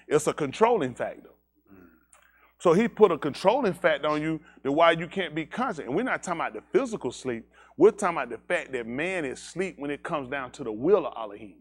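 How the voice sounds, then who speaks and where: A man leading a congregation in an emphatic teaching sermon, firing rhetorical questions at the room. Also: on the high side. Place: synagogue service.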